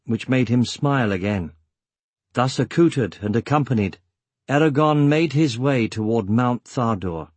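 A man reading an audiobook as narrator, measured and steady, with a husky voice. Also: mid-range voice, no echo. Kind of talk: scripted narration.

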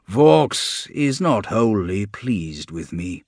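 A man plays a bedraggled, irritable male monster who counts corpses, his words slow and heavy. The voice sits low and husky, in a dry, close recording. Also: sing-song, no room sound, heavily acted. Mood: irritable, commanding. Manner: slow, loud, heavy delivery. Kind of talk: audiobook character voice.

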